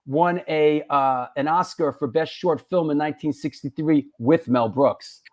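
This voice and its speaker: A man's voice: on the high side, a little slow. A middle-aged man hosting a casual chat show, swapping anecdotes in a chatty way. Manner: chatty anecdote teller, lively. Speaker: host.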